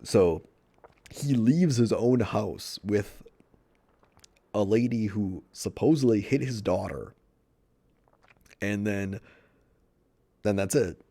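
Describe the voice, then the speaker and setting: A man's voice: on the low side, slow, pauses often, mellow, husky. A man casually reviewing a movie in a rambling, profane way, retelling scenes with quoted dialogue.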